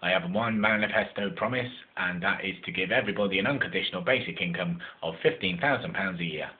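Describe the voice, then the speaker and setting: A man from England talks loosely and earnestly about his campaign, rambling as he goes and chuckling at himself now and then. His voice sits low. The sound is thin and phone-like, in a room with a lot of echo. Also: fast. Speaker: mayoral candidate. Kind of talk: casual campaign video monologue.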